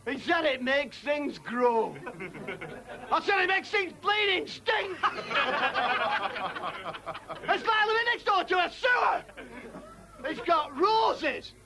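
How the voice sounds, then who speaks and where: Male comic, high strained shouting voice, slow emphatic rant, bright edge, audience laughter on old tape. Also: sing-song, noisy background. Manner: ranting, slow and emphatic, bursts of outrage. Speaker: comedian. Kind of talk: stand-up rant before a studio audience. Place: television studio with live audience.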